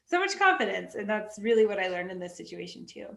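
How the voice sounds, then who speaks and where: Woman on a call, gravelly bright voice, roomy echo, says like a lot. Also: mid-range voice, sing-song, fast. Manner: upbeat, with repeated "like" and restarts. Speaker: athlete, webinar participant. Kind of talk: casual chat on a video call.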